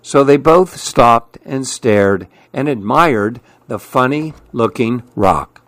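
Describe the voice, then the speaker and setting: A man narrates a children's picture book at an unhurried, gentle pace. His voice sits at an ordinary pitch for a man. The recording is close and dry. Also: dry recording. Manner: calm and measured. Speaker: storyteller. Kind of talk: children's story read-aloud.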